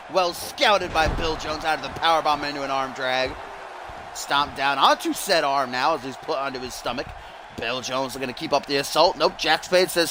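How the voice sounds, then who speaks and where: An excitable man calls a wrestling game live on a stream, his voice sitting on the higher side and jumping up into shouts when the action spikes. There is clear background noise under the whole recording. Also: normal speed. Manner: excitable, often rising to shouts on big moves. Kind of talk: live-stream play-by-play commentary.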